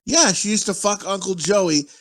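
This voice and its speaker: Dude rambling crude stories on a movie podcast, voice sits a bit high, swears a ton. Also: male voice, moderate pace. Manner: profane, rambling storyteller. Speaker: podcast co-host. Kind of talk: crude casual chat.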